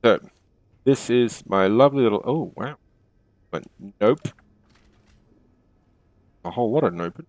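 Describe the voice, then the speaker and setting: A man's voice: mid-range voice, animated, unhurried, long pauses, a little mellow, dry recording. A man hosting a game stream, chatting casually and correcting himself as he goes. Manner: chatty, self-correcting, laughs easily. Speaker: stream host.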